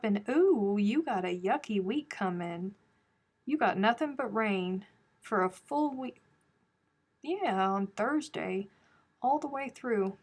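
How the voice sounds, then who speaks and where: Her voice is husky and medium-pitched, with lively intonation and a slow pace. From home she hosts a crochet live stream, casually chatting over viewer comments and teasing the people watching.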